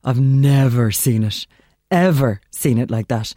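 A woman's voice: rumbling low, a little slow, mellow, no echo. An Irish woman hosting a casual radio show, chatting, laughing easily and reading out listener messages from a studio mic. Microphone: studio microphone.

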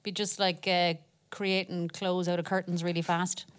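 A woman's voice: on the low side, level tone, moderate pace, smooth. Chatty Irish woman riffing on a panel show. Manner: chatty and rambling, acts out voices in her anecdotes. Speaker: comedy panelist. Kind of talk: improvised panel-show banter.

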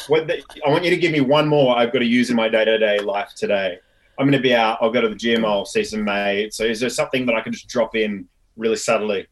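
A man's voice: on the low side, steady tone, fast. A man being interviewed over a video call as an actor guest, friendly and joking. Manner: friendly, joking, laid-back. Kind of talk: casual interview chat.

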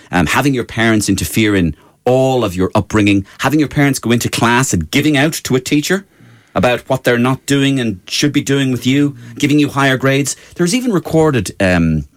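A man's voice: on the low side, no echo. A middle-aged man, hosting a radio show and delivering an emphatic opinion piece with many fillers. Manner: emphatic, rising to indignant outbursts with many fillers. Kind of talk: opinion monologue.

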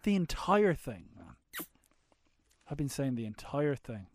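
A man's voice: medium pitch, big pitch swings, measured pace, no room sound. A man co-hosting a podcast in casual chat, teasing his partner with provocative questions. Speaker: podcast co-host.

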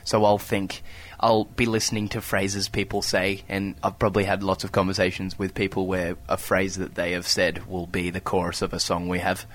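A man's voice: deep voice, level tone, normal speed, few pauses, a bit bright. A young man, a band member guest who speaks in a thoughtful, musing way.

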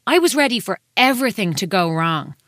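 A woman, co-hosting a podcast and chatting candidly with quick asides. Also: medium pitch, sing-song, a bit bright, dry recording. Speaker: podcast co-host. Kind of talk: casual chat.

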